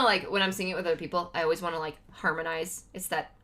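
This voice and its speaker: A woman's voice: lowish voice, steady tone, quick pace, pushed and bright. A woman livestreaming, chatting casually to her viewers with lots of fillers and laughs. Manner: laughs often between remarks.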